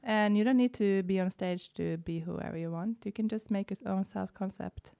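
A young woman speaking English with a Norwegian accent, her voice gravelly with fry. She talks haltingly in a casual café chat, pausing on fillers and restarting thoughts. The sound is close and dry, with little room echo. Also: medium pitch, warm tone. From Norway. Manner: hesitant, many fillers and restarts. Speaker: guest, burlesque dancer. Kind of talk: casual conversation.

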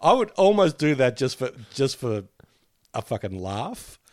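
A man's voice: medium pitch, measured pace, no echo, clean studio sound. A man co-hosting a podcast, joking and laughing his way through trivia questions. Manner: animated, jokey, laughs often. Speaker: podcast co-host. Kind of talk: casual chat, trivia quiz.

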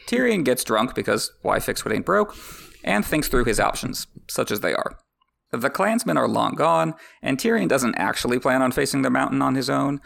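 A man's voice: medium pitch, expressive, normal speed, vocal fry, fairly bright tone. A man hosting a podcast, reading a book aloud with wry, joking asides. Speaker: podcast host. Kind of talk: reading a book with comedic commentary.

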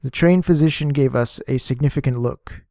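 A man narrating a first-person diary audiobook in a measured, even reading. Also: medium pitch, no room sound, clean studio sound.

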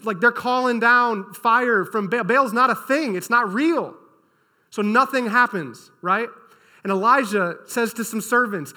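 A man preaching a sermon as pastor, telling a scripture story in an energetic, casual and animated way. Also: very high-pitched, a little slow. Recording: long hall reverb.

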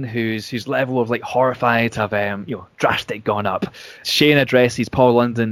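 A man's voice: mid-range voice, no room sound. A man casually retelling a wrestling storyline, rambling with restarts and fillers.

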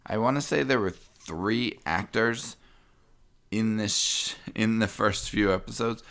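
A man's voice: lowish voice, unhurried, a bit bright. A man co-hosting a podcast, talking in a rambling, self-interrupting way and laughing often. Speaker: podcast co-host. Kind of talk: casual chat.

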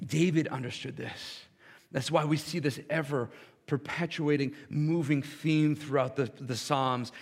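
Casting: young male worship pastor, earnest, stammering restarts, slightly high voice, long church echo. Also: steady tone, normal speed. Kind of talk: sermon. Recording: long hall reverb.

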